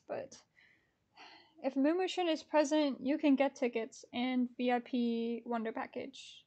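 High-voiced, slow-talking excitable woman. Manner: anxious and excitable, swinging from shrieks to mutters. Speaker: vlogger buying concert tickets. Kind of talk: live reaction vlog.

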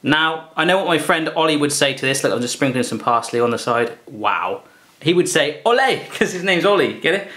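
A man's voice: on the high side, lively intonation, brisk, bright, forceful tone. An English man hosting a playful home cooking demonstration, chatty and jokey, talking to the food as he cooks. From England. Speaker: cooking show host. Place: home kitchen.

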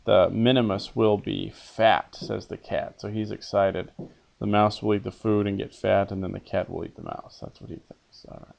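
A man's lowish voice, showing little pitch movement, vocal fry, and a darkish tone, guides a beginner Latin lesson at a moderate pace. Patiently, he has a pupil repeat phrases, translates them, and quizzes by asking and answering his own questions.

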